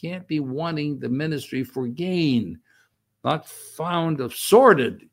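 A man's voice: on the high side, lively intonation, slow. An older man giving a conversational sermon as a minister, repeating phrases and using fillers. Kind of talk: sermon teaching.

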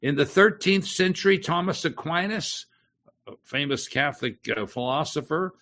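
Gravelly man teaching from the Bible. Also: fairly high pitch, normal speed, bright, forceful tone. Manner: rambling, with many fillers and restarts; asks the listeners questions.

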